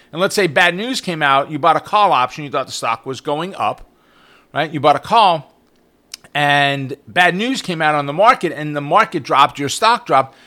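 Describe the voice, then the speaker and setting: A middle-aged man hosting a trading podcast, teaching in an energetic monologue full of rhetorical questions and tag questions. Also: fairly high pitch. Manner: animated, rhetorical questions, frequent "right?". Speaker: trading coach podcast host.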